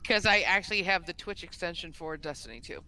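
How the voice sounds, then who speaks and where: A woman's voice: on the low side, lively intonation, a little fast, bright, forceful tone, clear, resonant tone, low-quality recording. A woman co-hosting a stream, chatting in a playful, easygoing way and laughing along. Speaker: streamer and co-host. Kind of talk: casual stream chat.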